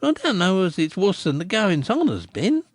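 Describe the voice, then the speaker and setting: A man performs a full character voice pitched above his own, playing a stout, matronly village woman who speaks tartly and skeptically in a rustic dialect. His pitch sits high and swoops wildly at a normal speed, in a clean studio recording with no room sound.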